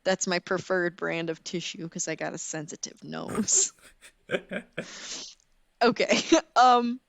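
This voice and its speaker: A young woman co-hosting a podcast in casual chat, animated and laughing as she tells stories dramatically. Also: fairly low pitch, slow pace, gravelly, no echo. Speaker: podcast co-host.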